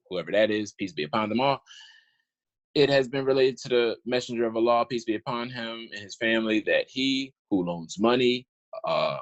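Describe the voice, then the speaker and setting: A medium-pitched male voice comes through a muffled recording. He's an online commentator reading old documents aloud with casual indignation, rambling, starting over, and saying "y'all" a lot.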